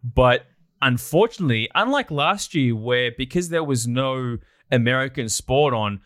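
A man's voice: medium pitch, expressive, unhurried, fairly bright tone, dry recording, studio quality. An Australian man chatting enthusiastically as a guest in a casual interview. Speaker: guest, documentary producer.

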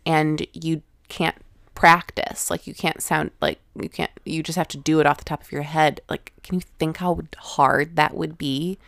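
A woman's voice: low-pitched, steady tone, normal speed, vocal fry, fairly bright tone, no echo, clean studio sound. A young woman co-hosting a podcast, chatting casually, teasing bluntly and swearing freely. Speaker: podcast co-host. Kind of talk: casual chat.

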